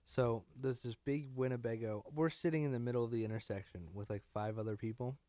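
A man's voice: mid-range voice, fairly even intonation, a little fast, dark tone, dry recording. A tired man co-hosting a podcast with a morning voice, rambling and trailing off in casual chat. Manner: rambling, self-deprecating, trails off. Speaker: podcast co-host. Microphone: studio microphone.

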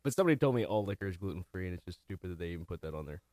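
A man's voice: deep voice, lively intonation, racing, a little mellow, dry recording. A tired man co-hosting a podcast who laughs often and teases his co-host in casual chat.

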